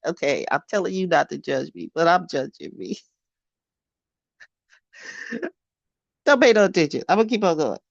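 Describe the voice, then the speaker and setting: A woman's voice: lowish voice, lively intonation, normal speed, gravelly, long pauses, dry recording. Fifties woman reading her journal on a vlog, swears a lot, laughs at herself, voice all over the place, dry dull lo-fi sound. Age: 50s. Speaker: vlogger.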